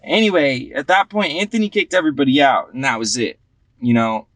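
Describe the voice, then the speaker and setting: A man's voice: medium pitch, fairly quick, fairly bright tone, no echo, lightly acted. A young man playing a party-goer who tells a long story in a rambling, profane, slangy way full of fillers. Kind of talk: casual film dialogue.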